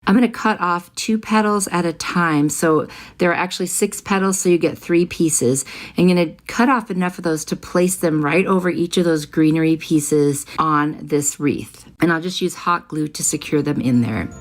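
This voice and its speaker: A woman's voice: on the low side, normal speed. A middle-aged woman hosting a craft channel, explaining each step of a project in a friendly voice-over.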